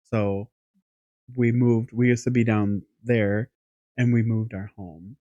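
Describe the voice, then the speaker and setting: A man co-hosting a podcast, telling a long anecdote in a rambling, animated way with casual swearing. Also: fairly low pitch, takes it slowly, no room sound, muffled recording. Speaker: podcast co-host. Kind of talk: casual storytelling chat.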